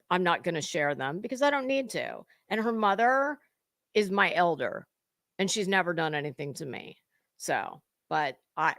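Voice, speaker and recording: A middle-aged woman hosts a drama commentary channel in a mid-range, slightly bright voice with no echo. She is scathing and mocking, lecturing and swearing freely.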